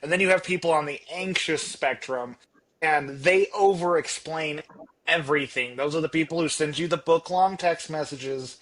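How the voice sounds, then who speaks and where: Chatty man with a fairly high voice. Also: a bit bright. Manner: chatty, quick to give examples and jokes. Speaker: podcast co-host and coach. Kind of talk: casual podcast conversation.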